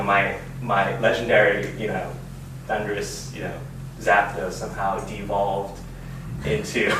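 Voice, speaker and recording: A man in his thirties from Reno giving a casual sermon-style talk, rambling with many fillers. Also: on the low side. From Reno, Nevada, US. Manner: rambling, full of "you know" and "like". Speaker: fellowship speaker. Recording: echoey room, distant mic, background noise.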